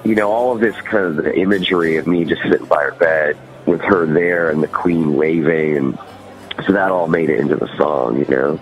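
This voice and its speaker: A man's voice: sits low, moderate pace, highs cut off, faint music behind. A man with a Californian accent, a guest musician chatting casually and rambling in an interview. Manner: rambling, full of "you know" and "like".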